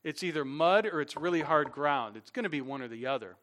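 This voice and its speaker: A man preaching a sermon from a church stage, animated, often repeating words as he builds a point. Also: on the high side, fairly quick. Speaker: pastor.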